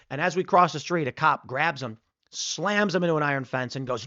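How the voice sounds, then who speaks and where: A man's voice: on the high side, brisk, sharp tone, no room sound, dull audio. A middle-aged man from Chicago with a Chicago accent, hosting a political commentary show and telling rambling stories. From United States. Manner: rambling storytelling, acts out quotes.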